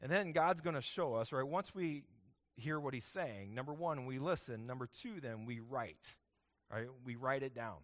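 A man's voice: medium pitch, lively intonation, moderate pace, a bit bright. A man preaching a sermon as the pastor, talking in a conversational way and often checking in with "right?".

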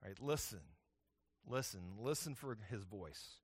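A man's voice: mid-range voice, animated, normal speed. A man preaching a sermon as the pastor, talking in a conversational way and often checking in with "right?".

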